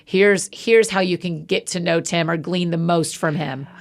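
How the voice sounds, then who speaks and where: A woman's voice: lowish voice, fairly even intonation, normal speed. A woman hosting a podcast, chatty and encouraging as she asks questions. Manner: chatty, encouraging with frequent affirmations. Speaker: podcast host. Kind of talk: casual interview.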